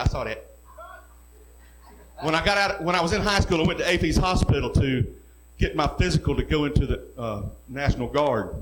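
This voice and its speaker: A middle-aged man, a pastor preaching a sermon who tells folksy stories and builds to loud, rising preaching. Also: on the high side, background noise.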